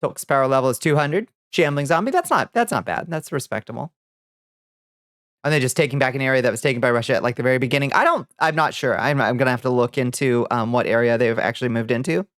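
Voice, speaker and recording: A woman's voice: extremely low pitch, quick pace, dry recording, clean studio sound. A woman streamer chatting casually with her viewers, laid-back and swearing freely as she greets people by name. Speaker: vtuber streamer. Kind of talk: casual livestream chat with viewers.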